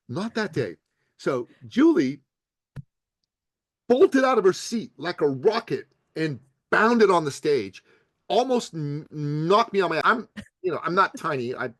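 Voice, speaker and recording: A man's voice: fairly high pitch, unhurried, no echo. An older man, a podcast guest, telling a story in conversation and acting out the people he quotes. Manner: lively storyteller who acts out the people he quotes.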